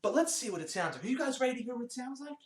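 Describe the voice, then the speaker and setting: A man's voice: extremely high pitch, very animated, very fast, recorded from a distance, a little hiss or hum. A man teaching a children's music lesson, upbeat and encouraging as he talks to young kids. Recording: roomy, off-mic, guitar behind.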